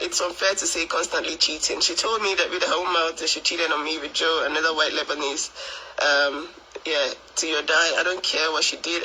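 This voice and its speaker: A man's voice: a little high, sharp tone, slight background noise, low-quality recording. An exhausted man recounting a dispute in a rambling, filler-heavy way. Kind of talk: casual recap of an online dispute.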